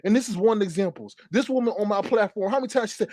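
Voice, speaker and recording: High-voiced man ranting on a livestream. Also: quick pace, a little mellow. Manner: angry, profane, repetitive. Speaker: livestream host. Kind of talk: heated livestream rant.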